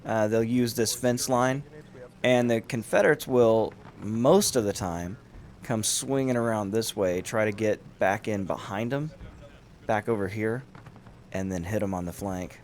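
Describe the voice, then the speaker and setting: A man hosting and commentating a large online battle game with lively, amused play-by-play. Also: lowish voice, unhurried. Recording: commentary over loud battle crowd noise. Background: crowd and gunfire of a large online battle.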